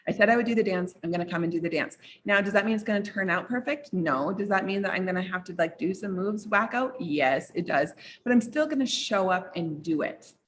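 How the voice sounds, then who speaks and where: Animated woman telling a story. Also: brisk, hardly any pauses, a little hiss or hum. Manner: animated, dramatic pitch jumps, frequent "like". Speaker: business coach. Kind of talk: storytelling to a group.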